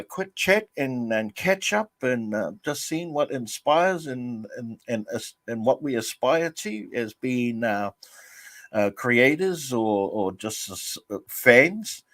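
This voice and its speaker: A man's voice: medium pitch, lively intonation, fairly bright tone. Rambling man hosting a live chat. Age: 50s. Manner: rambling, halting, lots of fillers. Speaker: host.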